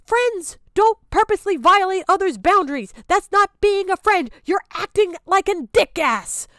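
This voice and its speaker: A woman's voice: very high voice, expressive, moderate pace, fairly bright tone, no room sound. A young woman streamer ranting heatedly on stream, swearing and hammering the same point again and again. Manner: heated, profane, repeating her points. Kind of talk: angry reaction rant.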